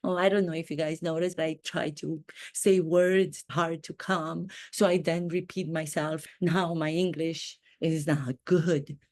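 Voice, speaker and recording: A woman putting on a vain, self-pitying duchess in a satirical impression, speaking slowly and theatrically. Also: low voice, fairly even intonation, darkish tone, pitched below the performer's own voice. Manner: slow, grandiose, theatrical delivery with drawn-out words. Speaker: acting coach.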